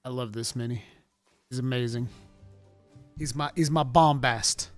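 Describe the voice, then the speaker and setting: A man streaming from home, chatting casually with a rambling, profane, mock-indignant manner that swings from mumbles to loud outbursts. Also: medium pitch, steady tone, a little slow, no echo, faint music behind. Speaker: streamer reacting to a game showcase. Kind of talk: casual livestream chat.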